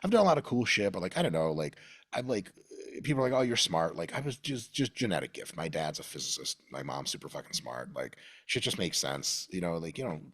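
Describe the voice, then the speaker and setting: Guest, male, low voice with a lot of swing, a husky edge, dry close sound, rambling and profane. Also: big pitch swings, a little fast, a bit bright, no echo. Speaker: podcast guest. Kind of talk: casual storytelling.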